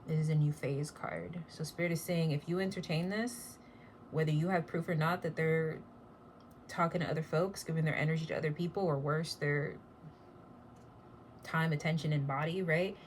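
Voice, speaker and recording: A woman's voice: deep voice, steady tone, normal speed, a little hiss or hum. A woman giving a casual tarot reading, blunt and chatty, with casual swearing. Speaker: tarot reader.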